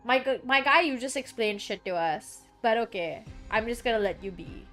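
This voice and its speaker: A woman's voice: fairly high pitch, expressive, moderate pace, hardly any pauses, sharp tone, soft background music. A woman streamer giving casual, joking gameplay commentary, chatty and sometimes swearing.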